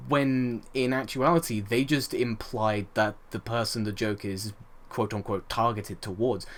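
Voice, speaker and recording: Man ranting over gameplay. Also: medium pitch. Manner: indignant rhetorical ranting, animated; frequent fillers and restarts, swears. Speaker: let's play host.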